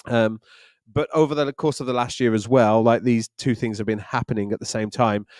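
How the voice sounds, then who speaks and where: A man's voice: medium pitch, fairly even intonation, brisk, a little mellow, dry recording, studio quality. A man, co-hosting a live online church Q&A in a chatty, joking way. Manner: jokey, chatty, laughs often. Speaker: church leader and co-host.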